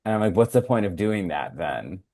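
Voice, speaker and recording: Low-voiced man rambling a movie recap. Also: sing-song, moderate pace, warm tone, no echo, studio quality. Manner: rambling recap with many fillers. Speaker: podcast co-host. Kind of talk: casual podcast chat.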